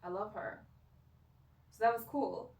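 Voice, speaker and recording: A woman's voice: medium pitch, unhurried, gravelly, darkish tone. Rambling young woman in an echoey room. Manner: rambling, emotional, heavy on filler words. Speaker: vlogger. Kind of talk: casual personal rant to camera. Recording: echoey room, voice picked up from a distance.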